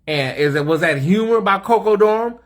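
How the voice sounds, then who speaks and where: A man's voice: high voice, lively intonation, brisk. An American man hosting a live stream from a hotel suite, sassy and chatty, talking straight to his viewers in the comments. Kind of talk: casual live-stream chat.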